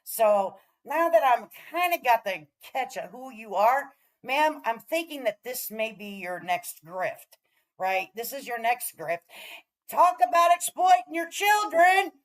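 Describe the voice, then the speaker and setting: A woman's voice: a little high, lively intonation, a little slow, rough recording. A woman hosting a casual reaction stream, talking in a sassy, blunt, profane way. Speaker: commentary streamer host.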